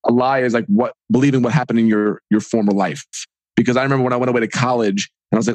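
A man in his forties, a podcast guest and author, talking in a casual, energetic and rambling way and acting out little imagined dialogues. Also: mid-range voice, very fast, dry recording. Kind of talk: casual interview talk.

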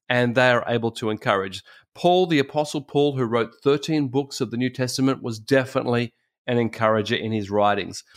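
Fervent Australian preacher man. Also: medium pitch. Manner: fervent, repetitive exhortation with restarts. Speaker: pastor. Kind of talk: sermon.

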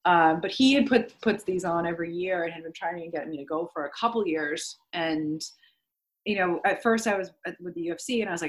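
A woman's voice: lowish voice, brisk. A young woman, a podcast guest, candidly telling her story in casual speech full of "like" fillers and the odd swear word. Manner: chatty, swears freely, many "like" fillers.

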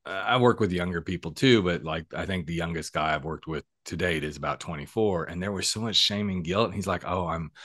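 A man over forty hosts a casual podcast interview with a lowish voice and plenty of upbeat chatter. He talks to his listeners like friends and cheers his guest on. The recording is dry and close, with no room sound. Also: a little fast, hardly any pauses, a bit bright, dry recording. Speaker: podcast host and coach.

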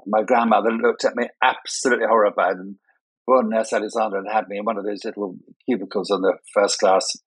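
A man's voice: lowish voice, little pitch movement, quick pace, husky, no echo, poor audio. An older man, raised in Scotland but with no Scottish accent, chatting as a guest in a conversational interview, telling self-mocking, playful stories. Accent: none, sounds English despite Scottish upbringing. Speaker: guest, party and wedding designer. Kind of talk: anecdotal conversation.

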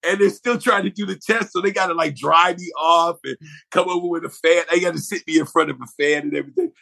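A middle-aged man from Buffalo, New York, a guest actor telling a lively anecdote and acting out other people's voices. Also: a little high, fast, vocal fry. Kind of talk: conversational storytelling.

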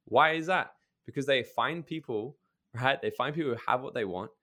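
A man on a podcast, speaking as a coach in casual chat, blunt and emphatic, swearing freely and telling stories with quick asides. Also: mid-range voice, sharp tone.

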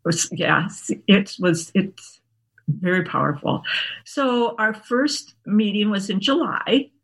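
A woman's voice: lowish voice, gravelly, a bit bright, slightly rough. A woman in her sixties, a guest who tells stories in a chatty way and laughs often. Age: 60s. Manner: chatty, laughs often, describes herself as an introvert. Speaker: guest, workshop founder. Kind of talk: casual interview storytelling.

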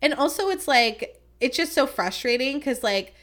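A woman hosting a laid-back chat show, her speech full of fillers as she tumbles from one thought to the next. She sounds animated and opinionated, bouncing between excitement and exasperation. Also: high voice, moderate pace. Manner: chatty, filler-heavy "like" talk. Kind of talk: casual chat.

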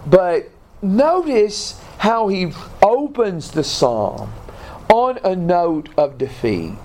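A man teaching a Bible lesson to a class, speaking deliberately and often restarting his sentences. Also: sits high, very animated, darkish tone, a little hiss or hum. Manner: slow, deliberate, with repeated restarts.

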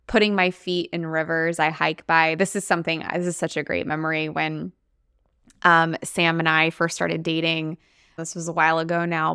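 A woman's voice: fairly low pitch, a bit bright, smooth, no echo, studio quality. A young adult woman hosting her own podcast as a coach, talking casually and upbeat, often laughing. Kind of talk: casual solo podcast talk.

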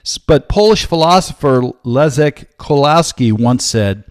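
A man in his sixties hosting a podcast as a Bible teacher, giving a measured, earnest solo talk with frequent hesitant fillers. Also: mid-range voice, lively intonation, dry recording, studio quality.

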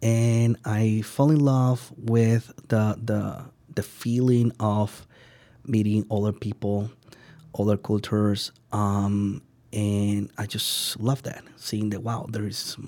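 A man, a sushi chef telling his story as a guest, halting and searching for words and acting out the people he quotes. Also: on the low side, little pitch movement, dark tone, dry recording. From Venezuela. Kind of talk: casual storytelling interview.

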